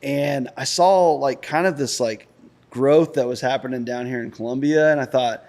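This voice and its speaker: A man's voice: medium pitch, moderate pace, darkish tone. A man talking casually as a podcast guest, speaking in loose, rambling sentences with many fillers, recorded inside an old industrial building. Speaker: guest, pipe business founder.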